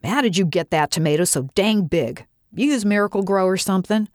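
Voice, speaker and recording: A woman reading the lines of a gruff, complaining 84-year-old male farmer in a story. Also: mid-range voice, lively intonation, fairly quick, no echo, studio quality, lightly acted. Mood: gruff grumbling.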